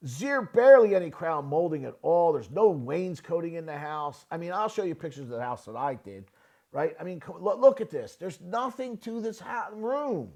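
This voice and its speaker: A real estate builder reviews a listing in casual screen-share commentary, speaking bluntly, repeating himself, and often asking "right?" His voice is high and gravelly.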